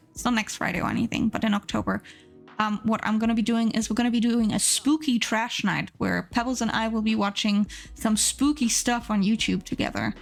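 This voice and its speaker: A woman's voice: fairly high pitch, creaky. A woman streamer chatting casually and rambling with plenty of fillers while she draws on a live art stream. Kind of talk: casual chat while drawing.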